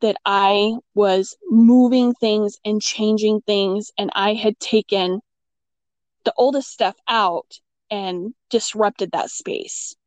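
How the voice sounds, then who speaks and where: A middle-aged woman telling a ghost story in casual chat, acting out her own quotes with big jumps in pitch. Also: fairly even intonation, slow pace, no room sound.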